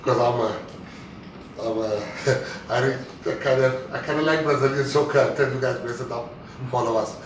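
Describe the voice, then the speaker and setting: A man's voice: medium pitch, fairly even intonation, normal speed. A South African man giving a live speech to an audience, telling jokes and acting out what others said. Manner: joking storyteller, acts out quotes. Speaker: guest speaker. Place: event hall. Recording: echoey hall, mic far off, noisy.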